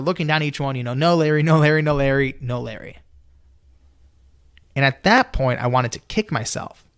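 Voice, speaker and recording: A young man telling a personal story in a lively, animated way, acting out his younger self and often saying "you know". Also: dry recording, clean studio sound. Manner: lively, acts out his own younger self in a high excited voice; peppers speech with "you know". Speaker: storyteller guest.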